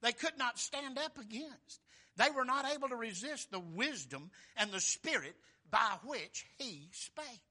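A man's voice: lively intonation, a little slow, sharp tone. A man preaching a fervent, folksy sermon. He surges in force on key phrases and calls out "Amen?" to the congregation. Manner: fervent, surging in pitch and volume on key phrases.

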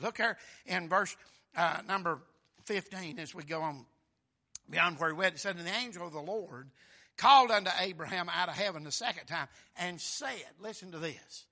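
A man preaching a sermon, breaking into shouts, calling out amen and brother and quoting scripture in old wording. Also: fairly high pitch, moderate pace. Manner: fervent preaching, bursts into shouts on key lines.

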